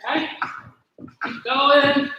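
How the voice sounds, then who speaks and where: A woman coaching a kids' gymnastics warm-up, cheering and counting as she leads each drill. Her voice is bright and fairly high, slow and deliberate, and a little out of breath. It sounds like a very echoey room with faint background noise. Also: flat delivery. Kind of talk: virtual fitness class instruction.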